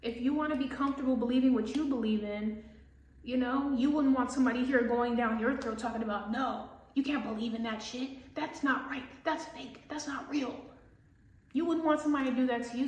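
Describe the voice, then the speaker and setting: A woman's voice: high-pitched, brisk, echoey room, poor audio. A woman tarot reader ranting casually, profane and scornful, mocking people she disagrees with in quoted voices.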